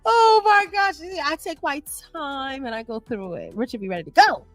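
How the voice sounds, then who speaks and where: A woman from New York co-hosting a casual livestream, reading viewer comments aloud and chatting in an animated, laughing way. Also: sits high, music in the background. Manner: animated, laughs often, drawn-out emphasis. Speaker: livestream co-host reading chat. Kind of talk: casual chat.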